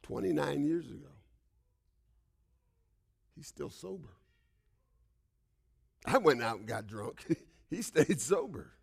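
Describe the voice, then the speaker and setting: A male pastor preaching a sermon, telling a personal story with frequent "right?" asides and swings between loud outbursts and hushed whispers. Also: on the high side, lively intonation, slow, vocal fry, long pauses, husky.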